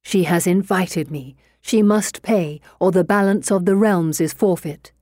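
A woman's voice: on the low side, measured pace, a little mellow, no echo, studio quality, close to an everyday voice. A woman voicing a menacing otherworldly creature that demands payment, in a cold, bargaining manner.

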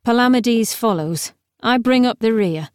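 A woman's voice: a little high, lively intonation, measured pace, clean tone, dry recording. A woman reads a terse young bodyguard who gives short, clipped orders. The delivery is curt and dutiful, recorded dry and close. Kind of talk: audiobook character reading.

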